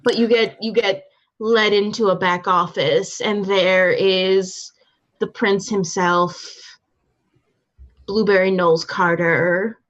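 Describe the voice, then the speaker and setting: A woman's voice: mid-range voice, fairly even intonation, takes it slowly. A woman narrating a tabletop game as game master, casual and hesitant with lots of filler words, on a dull lo-fi recording.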